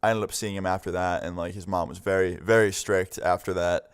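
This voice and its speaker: In a story-time vlog, a young man with a low, smooth voice speaks fairly quickly with fairly even intonation. His telling is casual and rambling, packed with "like," and he acts out the characters' quoted voices.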